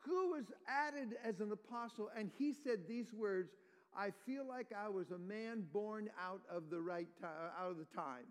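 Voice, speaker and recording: High-voiced man preaching verse by verse. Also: unhurried, big-room sound. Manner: explains verse by verse, quizzes the congregation. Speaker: pastor. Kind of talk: expository sermon.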